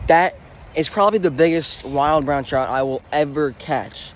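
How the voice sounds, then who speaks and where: A young man vlogging outdoors at a small pond, talking straight to his camera in quick, breathless bursts and repeating himself when something surprises him. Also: on the high side, a little hiss or hum. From Pennsylvania. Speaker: fishing vlogger. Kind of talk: excited outdoor fishing commentary.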